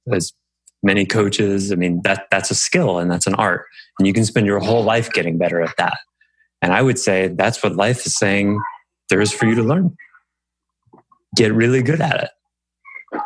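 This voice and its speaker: A man hosting a podcast, coaching a guest in a calm, reflective way. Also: lowish voice, unhurried, long pauses, dry recording. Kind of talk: coaching conversation.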